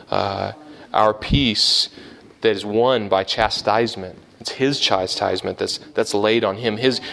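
A man's voice: fairly low pitch, fairly bright tone. A man preaching a conversational sermon, explaining a Bible passage in an earnest, teaching manner with frequent fillers and restarts.

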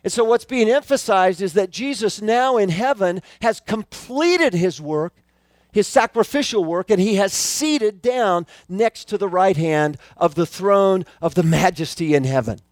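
A man delivers a sermon in an earnest, emphatic manner, repeating his key phrases to drive them home. His voice sits fairly high for a man. The sound is dry and close, with little room echo. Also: animated, unhurried. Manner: earnest, emphatic preaching with repetition. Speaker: pastor.

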